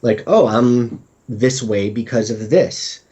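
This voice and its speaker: On a podcast, a male guest with a mid-range, warm, slightly breathy voice speaks slowly in a casual conversational interview. He's candid and self-deprecating, sometimes voicing his own inner thoughts aloud. The audio is dull and lo-fi.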